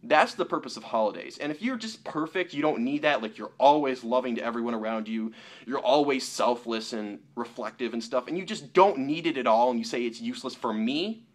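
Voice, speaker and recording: A young man talking straight to camera in an opinion vlog, mocking the people he argues with in a lower voice. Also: brisk. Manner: animated, mocking quotes in a lower voice. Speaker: YouTuber.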